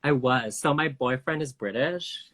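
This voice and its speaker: Casting: chatty male live-stream host, mid pitch, loose filler-heavy talk. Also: a little slow, fairly bright tone. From Canada. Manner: chatty, many fillers, laughs easily. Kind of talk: casual chat. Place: home, video live stream.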